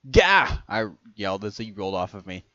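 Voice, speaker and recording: A man's voice: low-pitched, level tone, quick pace, no room sound, highs cut off. A man reading a first-person fan story aloud, who often stumbles and corrects himself as he reads. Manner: stumbling over words, self-correcting as he reads.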